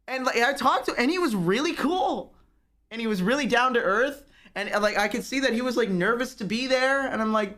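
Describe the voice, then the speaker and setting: A man's voice: very high-pitched, animated, normal speed, sharp tone. A young man chatting casually on a live stream, ranting and mocking himself with plenty of profanity.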